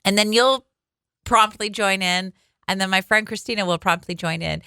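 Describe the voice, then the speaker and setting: A woman's voice: medium pitch, normal speed, bright, forceful tone, clear, resonant tone, no room sound. A woman co-hosting a morning radio show in a studio, chatting casually and teasing her co-host playfully. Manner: playful and teasing, laughs easily. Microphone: studio microphone.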